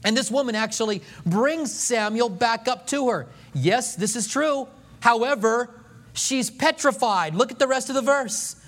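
A man's voice: very high voice, unhurried, a bit bright. A male pastor preaching a sermon, telling a scripture story with humor and acting out the voices of the people in it.

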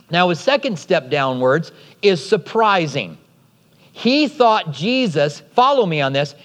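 Male pastor, high voice, lively sermon, conversational asides, long reverb.

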